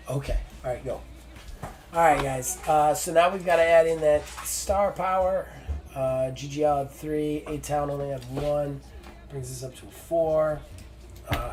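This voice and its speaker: A man narrating a solo wrestling tabletop game on stream with excited play-by-play and lots of fillers. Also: fairly high pitch.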